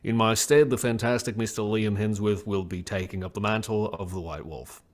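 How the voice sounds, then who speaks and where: A man's voice: lowish voice, steady tone, moderate pace, pitched below the performer's own voice, close to an everyday voice. A man doing a solemn British movie star. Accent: British, put on. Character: impression of a famous British actor, grave and formal.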